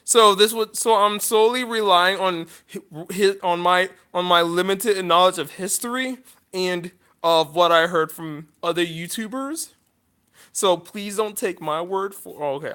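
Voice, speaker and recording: High, bright-voiced rambling young man. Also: moderate pace, clean tone. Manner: rambling, apologetic, many restarts. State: emotional. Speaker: YouTuber. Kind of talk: casual vlog monologue.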